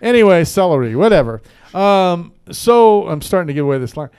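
A man's voice: sits high, sing-song, fairly quick, a little mellow, smooth. A man hosting a local radio talk show, telling a rambling joke with lots of fillers and asides. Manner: joking, rambling storyteller with many fillers. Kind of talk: casual radio chat. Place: radio studio.

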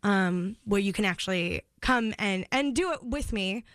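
A woman, co-hosting a morning radio show, telling a story in a lively way with laughs and fillers. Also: medium pitch, measured pace, no echo. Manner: animated storyteller, laughs often, many fillers. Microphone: studio microphone.

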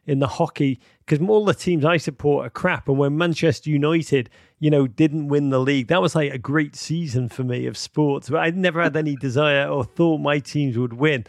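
A middle-aged man hosting a live call-in show, rambling and repeating words as he speaks warmly and emotionally to callers. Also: mid-range voice, vocal fry, no room sound, clean studio sound. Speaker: podcast host taking callers.

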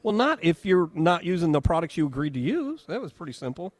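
A man's voice: fairly high pitch, sing-song, a little fast, dry recording. A man hosting a live radio talk show from a home and garden show, chatting, joking and reading ads.

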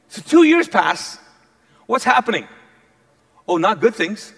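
Male preacher, high voice, animated and playful storyteller. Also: a little slow, gravelly. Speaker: pastor. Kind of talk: sermon.

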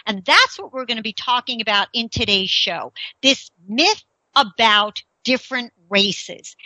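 Animated, bright-voiced woman radio host. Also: high voice, no echo, rough recording. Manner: chatty, animated, with incredulous rhetorical questions. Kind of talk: casual radio talk monologue.

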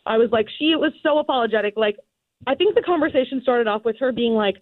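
A young woman tells her story over a tinny phone line, giggling often and acting out the voices. Her voice sits a little high and sounds dry and close. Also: quick pace, no room sound. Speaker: guest caller. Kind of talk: casual phone interview.

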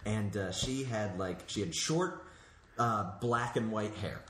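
A man's voice: fairly low pitch, slow, a bit bright. A man chatting casually, telling a childhood story with many hesitations and laughs. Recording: echoey room with faint noise.

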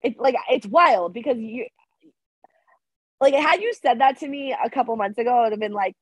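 A woman's voice: fairly high pitch, moderate pace, slightly rough, dry recording. Sick-voiced woman podcast co-host, emphatic. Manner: emphatic, repeats herself for emphasis. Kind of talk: casual chat. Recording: dry, dull lo-fi sound.

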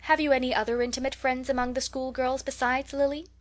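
A woman's voice: high voice, level tone, fast talker, pitched above the performer's own voice, lightly acted. A woman reading as a fussy, scolding society matron. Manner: fussy, nagging and prim. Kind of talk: audiobook character reading.

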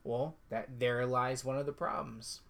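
A man's voice: medium pitch, fairly even intonation, unhurried, creaky, over a noisy crowd. A man hosting a casual podcast who teases his co-host and talks over him. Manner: playful, teasing, talks over others. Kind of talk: casual movie review chat.

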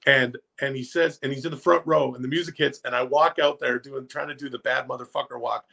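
A man casually telling rambling, profane, animated anecdotes as a podcast guest. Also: medium pitch, brisk, gravelly. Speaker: guest storyteller.

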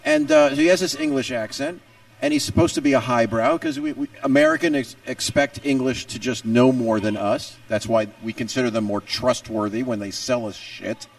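A man's voice: mid-range voice, big pitch swings, normal speed, gravelly, no room sound, recorded from a distance. A man co-hosting a podcast, chatting in an opinionated, joking way. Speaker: podcast co-host. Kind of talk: casual podcast chat.

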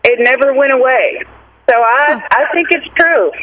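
A hesitant woman calling in to a radio show, pausing as she recounts a news story. Her very high voice comes over a phone line with clear background noise behind it. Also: expressive, a bit bright. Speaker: caller.

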